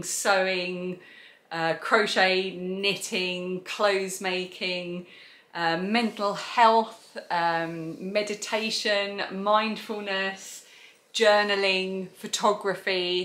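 A woman's voice: on the low side, fairly bright tone. Chatty South East London woman, roomy sound. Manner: chatty, enthusiastic, rambling. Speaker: podcast host. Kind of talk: casual chat.

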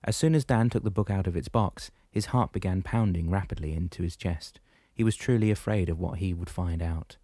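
Low-voiced man narrating a novel. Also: a little fast, hardly any pauses, warm tone, no echo, studio quality. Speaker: audiobook narrator. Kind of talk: scripted narration.

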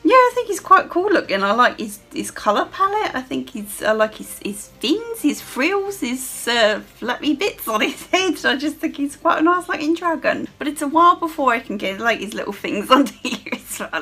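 A woman's voice: sits high, big pitch swings, normal speed, hardly any pauses, bright, forceful tone, slightly rough. A young woman giving casual gameplay commentary, giggly and sweary, gushing over what she sees on screen. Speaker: gamer.

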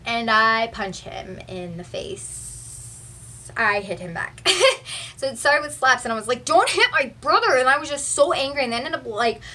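Young woman from texas rambling through a storytime, higher bright voice, phone mic a bit far off w faint hiss. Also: measured pace. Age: young adult. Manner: chatty and animated, heavy use of "like". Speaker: vlogger. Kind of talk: storytime vlog. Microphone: phone camera.

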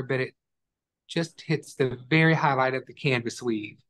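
A man teaching an online acrylic painting class, giving calm, step-by-step instructions as he works. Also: medium pitch, moderate pace.

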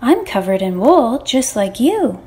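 A woman voicing a gentle, loving mother kangaroo in a storybook read-aloud. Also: on the high side, very animated, a little slow. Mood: playful.

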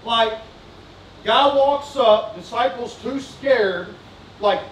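A pastor with a strikingly high voice preaches with fervor, circling back on his points and putting questions to the congregation. He sounds a little off-mic, and his voice rings through a reverberant church sanctuary with faint room ambience behind it. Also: slow, distant mic, slight background noise. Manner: fervent, repetitive, asks the congregation questions. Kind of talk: sermon.

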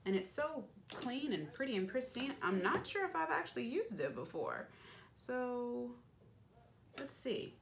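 A woman's voice: on the high side, very animated, measured pace, creaky, slight background noise. A young woman beauty vlogger chatting playfully as she narrates each step of her makeup routine. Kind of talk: casual makeup tutorial chat.

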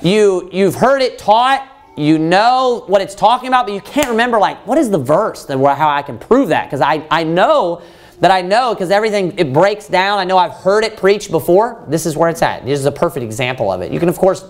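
A man preacher giving a verse-by-verse sermon, animated and conversational, often restarting his sentences. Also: sits high, fairly quick. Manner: animated, with frequent restarts and rising emphasis.

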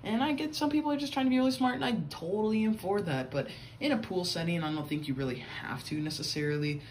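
A man's voice: sits high, fast talker, slight background noise. A young man telling a casual story-time vlog, rambling with many fillers and a loose, chatty way of talking. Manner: rambling, filler-heavy, says "bro". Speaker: vlogger.

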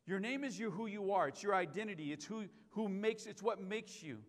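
A man's voice: high-pitched, expressive, brisk. A man preaching a sermon as pastor, emphatic, repeating key lines and asking the congregation questions. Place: church sanctuary. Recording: live stream with long hall reverb.

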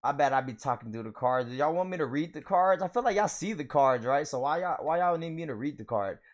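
A man's voice: on the high side, expressive, fast talker. A young man casually opening trading card packs for his viewers, hyped and slangy, laughing often. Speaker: card pack opener. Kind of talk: casual pack-opening vlog.

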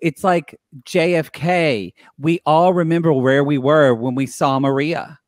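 A man with a slightly high voice chats as a podcast guest, giving relaxed and wry commentary. His recording is dry and close, with no room sound. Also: measured pace, dry recording. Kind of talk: casual chat.

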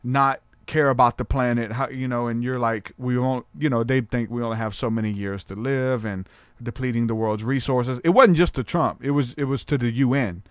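Chatty podcast host, dry close mic. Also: male voice, mid-range voice, fairly even intonation, clean tone, dry recording. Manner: chatty, hedging, quick bursts. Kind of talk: casual conversation.

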